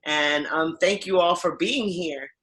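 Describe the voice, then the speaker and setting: A woman's voice: low-pitched, a little slow, fairly bright tone. A woman co-hosting a casual show, upbeat and welcoming. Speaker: co-host. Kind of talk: casual chat.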